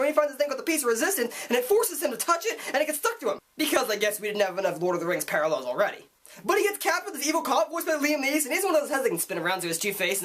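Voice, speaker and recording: A young man reviewing a movie, excitable and gushing, with jokey asides. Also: very high voice. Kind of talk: enthusiastic online movie review.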